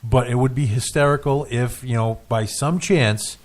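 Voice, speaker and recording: A man co-hosting a casual radio show in a studio, talking in halting restarts with dry jokes. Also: mid-range voice. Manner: hesitant, restarts often, dry joking.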